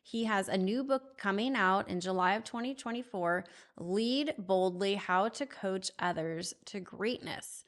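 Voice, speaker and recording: A woman's voice: medium pitch, a bit bright. Chatty upbeat woman podcast host. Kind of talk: conversational interview.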